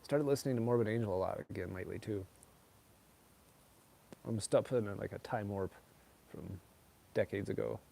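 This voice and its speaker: A middle-aged man answers his viewers in a loose, rambling chat, padding his sentences with "like" and "you know." His voice sits on the lower side and has a dark, mellow tone. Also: normal speed, vocal fry, pauses often. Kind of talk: casual chat.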